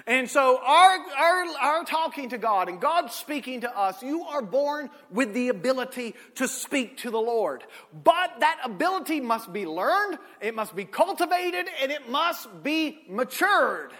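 Preacher with a bright, high voice. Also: male voice, sing-song, a little slow, few pauses. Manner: swings from shouted peaks to low asides, folksy storytelling. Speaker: pastor. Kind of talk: sermon. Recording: echoey hall.

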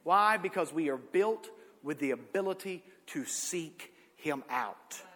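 A man, preaching a sermon with folksy stories, swinging from shouted peaks to low asides. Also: expressive, measured pace. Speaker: pastor. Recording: echoey hall.

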